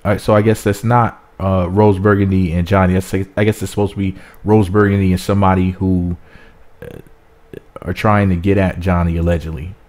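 A man's voice: sits low, flat delivery, a little fast, a little mellow. A man hosting a gossip commentary, casually reading out posts in a wry, offhand way with some hesitation. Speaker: entertainment gossip host.

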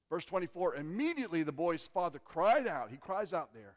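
A man preaching a sermon as pastor, earnest, moving from loud emphasis to hushed asides. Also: a little high, lively intonation, a little fast, hardly any pauses. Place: church sanctuary. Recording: long church hall reverb.

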